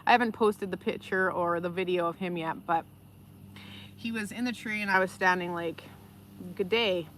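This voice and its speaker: A woman hosting a live stream, telling stories in a casual, animated way and reading out viewer comments. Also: on the low side, normal speed, a little hiss or hum. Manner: animated, chatty, reads viewer comments aloud. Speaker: livestream host.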